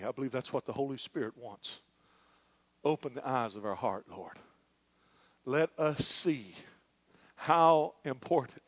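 A middle-aged male pastor preaching a sermon in church, moving between quiet, hushed lines and loud, fervent calls. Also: mid-range voice, no echo, muffled recording. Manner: preaching, swings from hushed to shouting.

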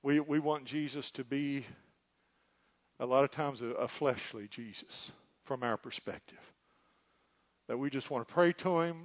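A middle-aged man, preaching a fervent sermon as pastor, swinging from loud cries to hushed tones. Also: medium pitch, expressive, normal speed, no echo, highs cut off.

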